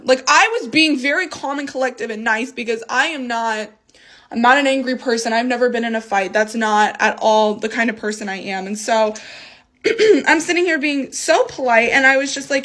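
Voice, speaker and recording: A young woman telling a storytime tale in a casual, animated way, swearing freely and acting out the voices of people she quotes. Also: high-pitched, normal speed. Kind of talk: storytime vlog.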